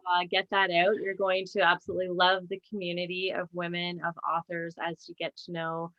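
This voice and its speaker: A woman's voice: lowish voice, monotone, a little fast, fairly bright tone, no room sound, highs cut off. A woman hosting an interview series, effusive as she thanks her guest and wraps up. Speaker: interview host. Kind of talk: casual interview chat.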